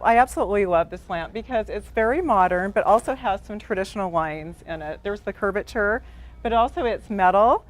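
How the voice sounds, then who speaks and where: A woman co-hosting a home decor class, agreeable and enthusiastic about the pieces. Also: medium pitch. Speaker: co-host designer.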